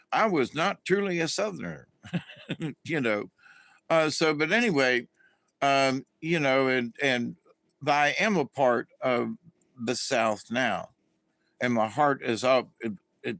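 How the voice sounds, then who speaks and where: A man's voice: mid-range voice, vocal fry, a bit bright, no echo. A middle-aged man from Florida, hosting a casual, meandering monologue full of fillers and restarts. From Florida, USA. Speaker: channel host.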